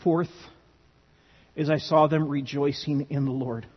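A male pastor preaches earnestly and emphatically in a fairly high, steady, unhurried voice with a breathy edge, often restarting his phrases. The recording is dull and lo-fi, with long hall reverb.

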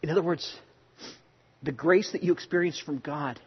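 A man preaches a sermon in an easy, conversational way and weaves in everyday stories from his own life. His voice sits a little high with a husky edge, and he moves between raised passages and near-hushed ones. The recording is dull and lo-fi, with a long reverb from a large hall. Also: moderate pace. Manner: conversational preaching with personal anecdotes, swings from loud to hushed. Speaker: pastor.

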